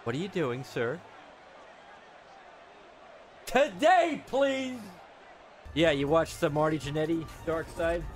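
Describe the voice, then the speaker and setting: A man giving loud, swearing commentary while playing a football video game, reacting to every play. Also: a little high, a little fast, hardly any pauses, soft background music. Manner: excitable, yells and swears at the game. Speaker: gamer streamer. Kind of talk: live gameplay commentary.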